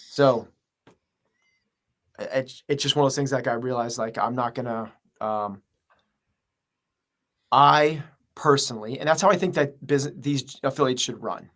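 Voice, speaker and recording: A man's voice: mid-range voice, unhurried, pauses often, fairly bright tone. A man who runs a gym, speaking as a podcast interview guest in an earnest, rambling way full of fillers. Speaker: gym owner and coach.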